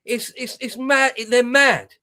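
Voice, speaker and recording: A man's voice: extremely high pitch, fairly even intonation, slow, sharp tone. A man co-hosting reaction commentary, talking bluntly and scornfully with lots of swearing. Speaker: co-host.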